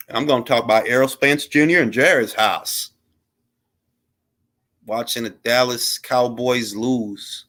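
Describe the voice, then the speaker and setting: A man's voice: mid-range voice, a little slow, pauses often, a bit bright. A man hosting a live boxing talk stream, brash and full of slang and trash talk. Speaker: boxing talk show host. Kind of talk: casual live-stream chat.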